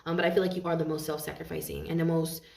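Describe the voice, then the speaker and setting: A woman's voice: deep voice, flat delivery, very fast, creaky, a little mellow. Earnest woman giving a tarot reading. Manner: earnest and heartfelt, with frequent repeats and restarts. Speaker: tarot reader. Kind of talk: tarot reading monologue to viewers. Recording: roomy echo, mic at a distance.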